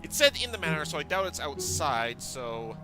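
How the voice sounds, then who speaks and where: A man's voice: fairly high pitch, big pitch swings, normal speed. Rambling young man playing a game. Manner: rambling, self-correcting, talking to himself. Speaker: gamer playing a game on video. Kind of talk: let's play commentary. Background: game music.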